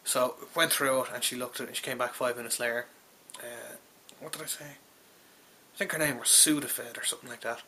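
This is a young man with an Irish accent, telling a casual, rambling story about his job. His voice is bright and forceful. He is exasperated and profane, and he keeps stumbling and restarting as he rants. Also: medium pitch, steady tone, a little fast, a little hiss or hum. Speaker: call centre worker telling a story. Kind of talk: casual spoken anecdote.

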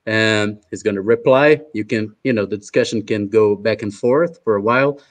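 The moderator is a man from Brazil whose Brazilian Portuguese accent colors his lowish voice, delivered at a moderate pace. He chats his way through panelist introductions for an online roundtable on a video call, hesitant and full of filler uhs.

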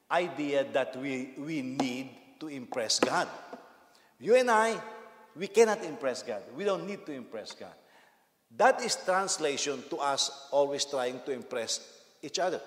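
A man's voice: a little high, fairly bright tone. A man preaching a sermon as pastor, telling a story and laughing at it as he goes. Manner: storytelling, laughs at his own anecdotes, acts out quotes. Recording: echoey hall with long reverb.

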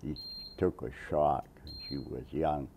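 Old guy in his 90s, deep gravelly voice, slow and rambly, laughs at his own stories. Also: steady tone, background noise. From Massachusetts, USA. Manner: rambling storyteller, chuckles often, acts out quotes. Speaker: Navy veteran interviewee. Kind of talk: oral history interview.

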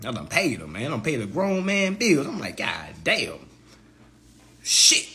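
High-voiced man roasting on a livestream. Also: brisk. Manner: animated, profane, laughs often. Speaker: livestream host.

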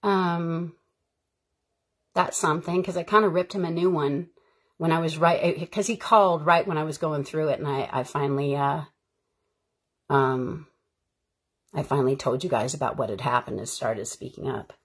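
A woman's voice: low voice, normal speed, pauses often, breathy edge. A woman who is an actor, chatting casually on her live stream in a rambling, heartfelt way. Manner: rambling, heartfelt and chatty, with frequent fillers and bursts of laughter.

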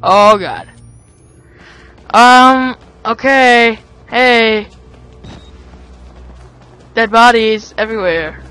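A man's voice: high-pitched, expressive, drawn-out words, long pauses, bright, forceful tone, faint music behind. A man doing let's play commentary over a horror game, switching between jokey asides and panicky yelps. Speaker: gaming commentator.

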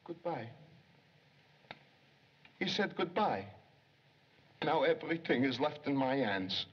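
An actor playing an eager, excitable young male police secretary who gets flustered and theatrical, in 1930s film acting. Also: on the high side, takes it slowly, a little hiss or hum. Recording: dull lo-fi 1930s film soundtrack.

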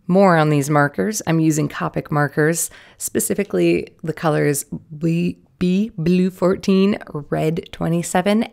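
A young woman, a little hoarse, chatting casually and playfully with jokey asides while she draws. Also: sits low, a little mellow. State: slightly hoarse. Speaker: art vlogger. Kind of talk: casual commentary while drawing.

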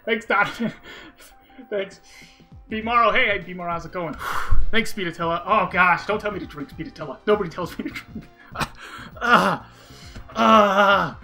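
Excitable, bright-voiced speedrun streamer. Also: mid-range voice, normal speed, pauses often, faint music behind. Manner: excitable, sighing, thanks viewers one by one. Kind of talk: live-stream commentary and thanking chat. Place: room at home with a window.

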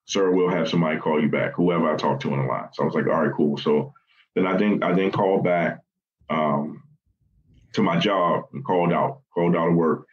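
Deep-voiced man telling a painful story. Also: dull audio. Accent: Baltimore. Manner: halting, many fillers and restarts, quotes others in conversation. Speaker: guest recounting family loss. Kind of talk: personal storytelling in a podcast interview.

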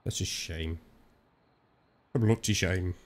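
A man's voice: sits low, slow pace. A young man with a Dutch accent giving rambling, chatty let's-play commentary, swearing now and then. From Netherlands. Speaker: gaming channel host.

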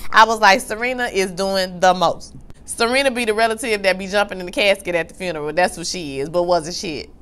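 A woman's voice: mid-range voice, quick pace, a bit bright. A woman giving a sassy, emphatic casual recap of a TV episode, acting out the characters' lines. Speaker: TV recap vlogger.

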